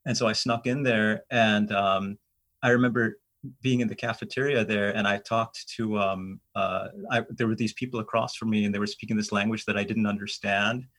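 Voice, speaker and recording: A middle-aged man from the United States with a somewhat low voice. He tells stories casually and rambles, restarting sentences and filling pauses as he goes. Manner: rambling, animated anecdotes with many fillers. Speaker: guest. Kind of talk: casual storytelling in a conversation.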